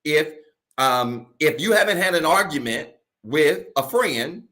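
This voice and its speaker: A male pastor preaching a sermon to a virtual congregation from home, colloquial, often calling his listeners y'all, slowing down to stress key phrases and rushing through asides. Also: a little high, animated, bright, forceful tone. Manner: preaching with slow emphatic stretches and quick asides.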